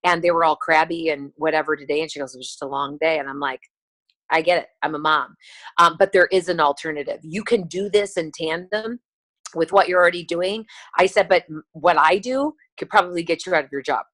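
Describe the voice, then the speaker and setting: Lady leading a sales call, kinda low voice, chatty and lively, acts out little conversations. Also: a little fast, poor audio. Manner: chatty and animated, acts out dialogue. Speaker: team leader on a sales call. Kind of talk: motivational conference call talk.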